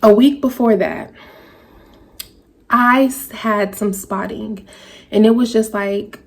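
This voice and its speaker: A woman in a vlog telling a personal story to her viewers, speaking in a halting, emotional way. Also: mid-range voice, fairly even intonation, gravelly, husky. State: tearful at times. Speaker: vlogger. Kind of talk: personal story told to camera.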